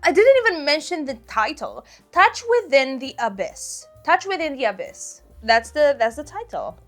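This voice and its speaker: Bubbly, giggly woman with a lively high voice. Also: normal speed, soft background music. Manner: bubbly and giggly, gushing excitedly. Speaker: book vlogger. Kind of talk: casual book haul vlog.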